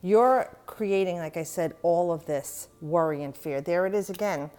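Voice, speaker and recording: A woman's voice: lowish voice, moderate pace, darkish tone. A middle-aged woman giving a tarot reading, talking straight to the viewer in an encouraging way. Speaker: tarot reader.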